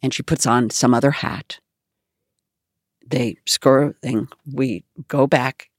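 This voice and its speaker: A woman's voice: a bass voice, slow, dry recording, clean studio sound. A woman guest in a radio interview, telling an anecdote with animation and acting out quotes. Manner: animated storyteller, acts out quotes.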